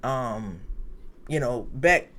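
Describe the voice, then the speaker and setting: A woman co-hosting a sports podcast, talking in an animated, chatty way and laughing often. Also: a bass voice, very slow. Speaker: podcast co-host. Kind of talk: casual sports chat.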